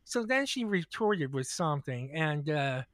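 A man's voice: a little high, big pitch swings, a little slow, a bit bright, dry recording. A man co-hosting a comedy podcast, telling a long, profane story in a rambling way. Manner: rambling, profane, repeats words. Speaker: podcast co-host.

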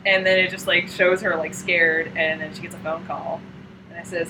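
Against some background noise, a fairly low-voiced woman speaks quickly as she recounts a comic to her co-host. She's an animated storyteller, leaning on fillers and performing the characters' dialogue as if acting out scenes.

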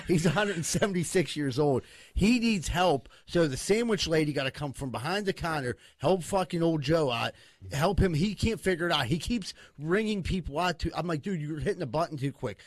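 A man's voice: a little high, expressive, normal speed, no echo. A man chatting casually with friends, telling a crude, exasperated story and swearing often. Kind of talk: casual chat.

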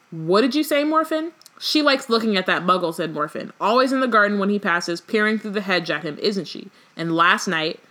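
A woman's voice: mid-range voice, pushed and bright. A woman co-hosting a book podcast, reading passages aloud and chatting casually with lots of "like" and "um". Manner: reads passages with fillers, many "like"s. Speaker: podcast co-host.

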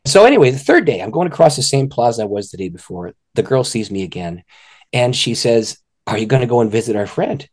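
A middle-aged man, an author and ministry director, telling a personal story in an interview with lively delivery and frequent laughter. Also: mid-range voice, quick pace. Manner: lively, laughs often, acts out voices in stories.

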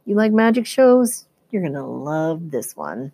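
A woman doing a sneering gruff trucker. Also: low voice, sing-song, measured pace, mellow, exaggerated voice. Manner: mocking, sneering. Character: gruff mean adult male trucker.

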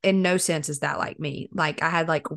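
A woman's voice: low-pitched, steady tone, moderate pace, fairly bright tone. A young woman co-hosting a podcast in casual chat, telling stories animatedly and laughing often. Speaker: podcast co-host.

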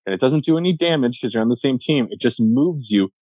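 A man's voice: mid-range voice, lively intonation, fast talker, darkish tone, no echo, studio quality. A man in casual podcast chat, ranting in a worked-up but self-mocking way about what angers him in games.

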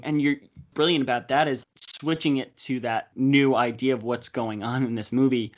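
Casual new guy hosting a movie podcast, chatty, fast asides, kinda muffled sound. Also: medium pitch, fairly even intonation. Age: young adult. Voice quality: chatty, quick asides, frequent laughs. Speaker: podcast host. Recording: slightly dull podcast audio.

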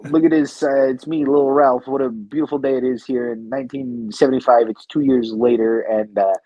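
A man's voice: mid-range voice, steady tone, brisk, dark tone, lo-fi sound, lightly acted. A man voicing a whiny schoolboy from the 1970s in a folksy sitcom-kid manner. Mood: peeved. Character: boy Lil Ralph, whiny 1970s kid.

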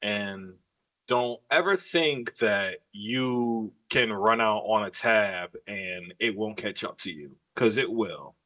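A man's voice: lowish voice, expressive, slow pace, bright, forceful tone. A man co-hosting a podcast, telling a story in casual, profane chat with emphatic asides. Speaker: podcast co-host.

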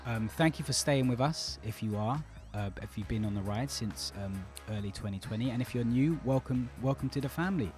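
A man's voice: medium pitch, brisk, few pauses, a little mellow, faint music behind. A man hosting a podcast, talking in a casual, joking way. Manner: joking, teasing. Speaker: podcast host. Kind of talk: casual chat. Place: remote call.

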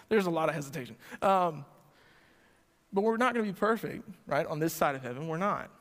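A male pastor preaching to a church congregation, asking them direct questions and swinging between loud emphasis and quiet lines. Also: on the high side, lively intonation, moderate pace. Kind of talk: sermon. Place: church sanctuary before a congregation. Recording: long hall reverb.

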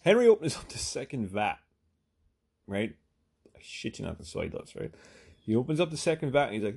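A man's voice: medium pitch, very animated, a little fast, vocal fry, long pauses, darkish tone, slightly rough. A man telling a long casual anecdote, rambling and swearing with lots of fillers. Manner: rambling, profane, full of fillers. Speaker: storyteller.

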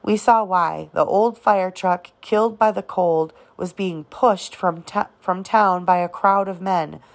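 A woman narrating an audiobook of a novel, reading in a halting way with occasional restarts on words. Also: lowish voice, steady tone. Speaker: audiobook reader.

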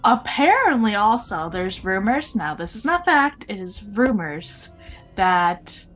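Woman co-host, mid-pitched voice, rambling, lots of fillers, faint music behind. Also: very animated, slow pace, a bit bright. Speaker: podcast co-host. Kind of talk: casual podcast chat.

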